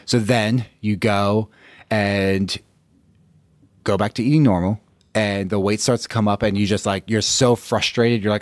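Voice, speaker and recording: A man with a lowish voice talks straight into the mic in a dry, close recording. He coaches in a blunt, casual monologue, cursing freely and acting out the frustrated reactions of the people he describes. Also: no echo. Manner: blunt, profane, acts out listeners' reactions. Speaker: podcast host, fitness coach. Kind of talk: casual solo podcast monologue.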